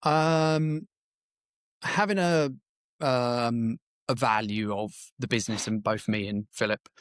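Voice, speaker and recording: A man's voice: medium pitch, slow, smooth, no room sound. A man who works as a business coach, a guest on a podcast, talking frankly and conversationally with the odd swear word. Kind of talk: casual interview chat.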